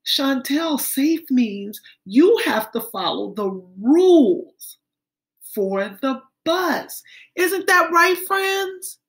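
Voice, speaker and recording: A woman teacher speaking to little kids in a high voice. She takes her time, drawing out each step in a gentle, sing-song way. She calls her young listeners friends as she walks them through the lesson. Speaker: kindergarten teacher. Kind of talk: social-emotional lesson for young children.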